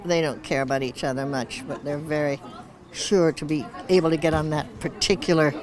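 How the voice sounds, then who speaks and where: A woman's voice: low voice, steady tone, brisk, a little mellow. A woman in her eighties answering a red-carpet interview, rambling and joking with frequent chuckles. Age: 80s. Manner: wandering, searches for words. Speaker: award honoree being interviewed.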